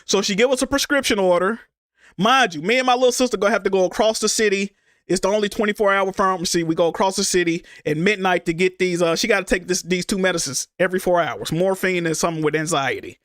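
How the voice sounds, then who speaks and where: A man's voice: sits high, fast talker, fairly bright tone, dry recording, studio quality. A man streaming, telling a personal story in a rambling, casual way, restarting and repeating himself and swearing freely.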